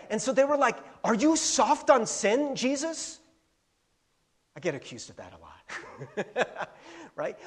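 Preaching from the pulpit, this man tells a story full of animated side comments and little laughs. His voice is on the high side with a slight huskiness.

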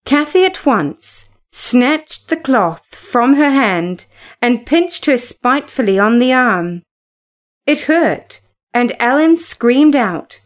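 Slow, measured woman narrating a story. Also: high voice, very animated. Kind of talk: audiobook narration.

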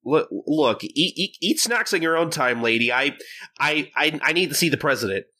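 Guy doing a lazy samurai dude, deadpan whiny, bright voice. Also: on the high side, normal speed, voice pushed up. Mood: grumbling.

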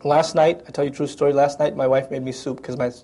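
A man teaching a Quran passage, reciting Arabic verses and translating them, animated as he acts out the voices in the text. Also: mid-range voice, quick pace. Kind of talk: Quran lecture.

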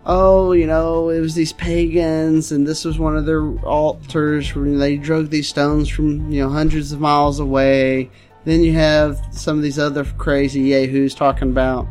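A man co-hosting a comedy podcast, spinning crude, absurd theories in a straight-faced, mid-pitched voice. Faint guitar music sits quietly in the background. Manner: deadpan absurd storytelling, crude jokes. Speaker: podcast co-host.

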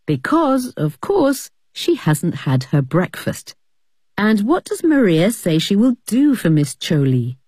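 A woman's voice: mid-range voice, big pitch swings, slow pace, darkish tone, slightly rough, dry recording, studio quality. A woman presenting a scripted English lesson, narrating a scene and asking the listener questions about it.

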